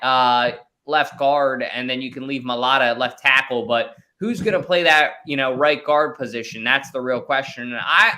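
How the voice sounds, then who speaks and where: Bright-voiced rambling podcast guy. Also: a little high. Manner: rambling, hedging, thinks out loud. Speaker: podcast co-host. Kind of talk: casual sports podcast chat.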